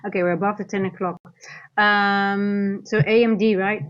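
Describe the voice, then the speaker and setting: A woman's voice: medium pitch, little pitch movement, moderate pace, dull audio. A woman streaming live from home as a futures trader and coach, chatting casually and thinking aloud as she rambles through her trades. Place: at home, near a kitchen.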